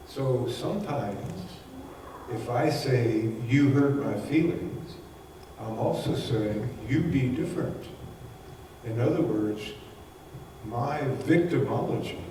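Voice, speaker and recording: A man's voice: medium pitch, mellow, slight background noise. A man giving a folksy, anecdotal spiritual talk to a gathering, often chuckling as he teaches. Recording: echoey hall recorded from far off.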